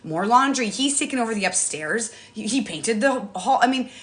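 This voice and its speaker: A woman in her thirties chatting casually on a morning phone livestream from her apartment, rambling, animated and laughing often. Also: a little high, normal speed. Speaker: TikTok live streamer. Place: apartment above a garage.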